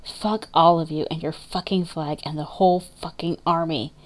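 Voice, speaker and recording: A woman's voice: deep voice, steady tone, moderate pace, natural voice, poor audio. Woman reading as a bitter grieving widow. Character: grieving angry young pregnant widow.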